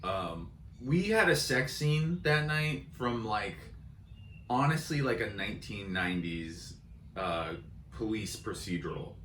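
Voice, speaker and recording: A man's voice: on the low side, expressive, slow, a bit bright, roomy sound, a little hiss or hum. A man in his thirties co-hosting a podcast, chatting casually and comically, rambling and self-deprecating. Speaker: podcast co-host. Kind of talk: casual comedic chat.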